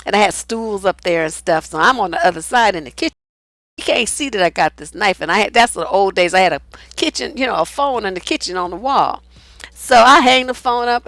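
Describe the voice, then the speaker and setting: A middle-aged woman, a relationship coach, telling a story in a blunt, animated and profane way. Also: on the high side, fairly quick, no echo. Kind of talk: casual storytelling monologue.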